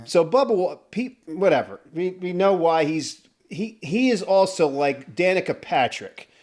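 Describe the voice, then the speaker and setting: A man with a slightly high voice talks bluntly on a casual podcast. He swears often and circles back over his own sentences. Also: expressive, a little slow, darkish tone. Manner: blunt, profane, rambling. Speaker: podcast co-host. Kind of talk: casual chat.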